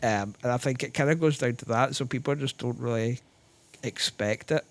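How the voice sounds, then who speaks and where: A Scottish man, a guest on a podcast, speaking thoughtfully in casual chat with lots of pauses and fillers. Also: medium pitch. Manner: thoughtful, hesitant, many fillers. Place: podcast studio.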